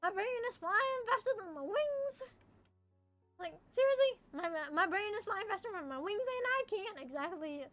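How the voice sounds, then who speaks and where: A woman's voice: extremely high pitch, animated, normal speed, hardly any pauses, bright, forceful tone, faint music behind. A young woman streamer chatting casually with her viewers, talkative, often repeating phrases and laughing.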